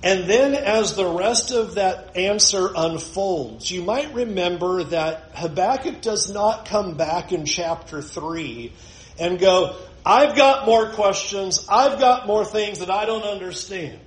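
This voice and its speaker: A man's voice: high voice, expressive, slow, echoey room, poor audio. A man preaching a sermon in a conversational way, with joking asides. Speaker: pastor.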